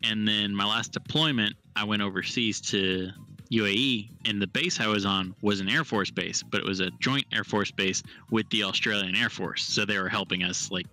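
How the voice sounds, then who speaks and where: A man's voice: on the low side, steady tone, normal speed, bright, forceful tone. A man chatting on a live stream, blunt and opinionated as he tells stories, with faint music behind. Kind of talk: casual chat.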